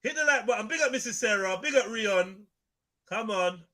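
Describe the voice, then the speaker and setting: A man's voice: high-pitched, lively intonation, normal speed, bright, forceful tone. A man hosting a live panel podcast, teasing and bantering with slang. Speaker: podcast host.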